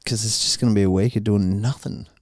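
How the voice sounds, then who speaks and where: A man's voice: fairly low pitch, steady tone, fast, no echo, studio quality. A young man co-hosting a podcast in laid-back, sweary casual chat. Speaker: podcast co-host.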